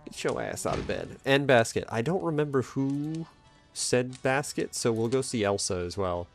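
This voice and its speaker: A man's voice: mid-range voice, lively intonation, moderate pace, gravelly, faint music behind. A man streaming a video game, giving casual, joking, self-mocking commentary as he plays. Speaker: let's play streamer.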